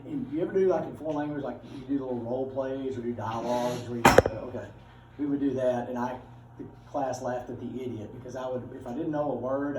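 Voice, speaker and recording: A man's voice: mid-range voice, dark tone, slight background noise. A middle-aged man, teaching a class in a casual, joking, chatty way. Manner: folksy, joking, chatty with students. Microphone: far from the speaker. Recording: roomy classroom from far off.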